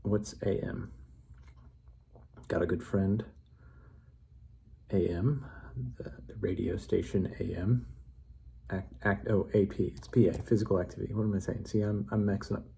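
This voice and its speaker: A man's voice: lowish voice, fairly even intonation, moderate pace, vocal fry, long pauses, warm tone, slight background noise. A man giving a casual, rambling monologue that builds a memory story, playful and correcting himself as he goes. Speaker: vlogger.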